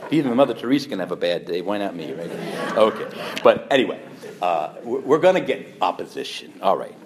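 A man, a priest, teaching fellow preachers in a lively storytelling way, acting out quoted voices and laughing along. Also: lowish voice, a little slow, long pauses, very noisy. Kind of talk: teaching talk to clergy with anecdotes.

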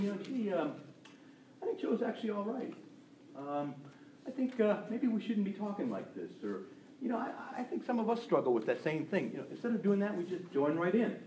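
A male preacher delivering a sermon in an animated way, acting out quick voices of people he describes. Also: a little high, a little hiss or hum. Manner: animated, acts out gossiping voices.

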